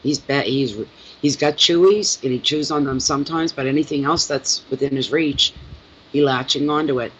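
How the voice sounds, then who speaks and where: A middle-aged man chatting with his viewers from home, telling stories in a lively, rambling way. His pitch sits in a middle range. The recording is a little dull and muffled, with faint noise underneath. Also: moderate pace. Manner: chatty, animated storytelling. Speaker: tarot reader and channel host. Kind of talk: casual chat with viewers.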